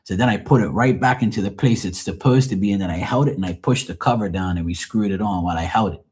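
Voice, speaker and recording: A man with a very low, husky voice talks casually on his livestream. He rambles through everyday stories, swearing freely and livening up when he quotes other people. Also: fast. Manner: profane, rambling, animated when quoting others. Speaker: livestream host. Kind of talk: casual storytelling chat.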